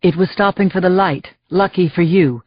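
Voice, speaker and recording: A woman narrator voicing a steady, reassuring male doctor in his thirties. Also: on the low side, moderate pace, breathy edge, no room sound, lo-fi sound. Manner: assuring, steady.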